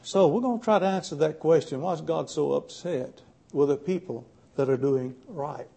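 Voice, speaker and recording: A man preaching a Bible study sermon in a plainspoken, folksy way, pausing often to gather his thoughts. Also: on the high side, gravelly, warm tone, husky. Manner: folksy, plainspoken with frequent "uh" pauses.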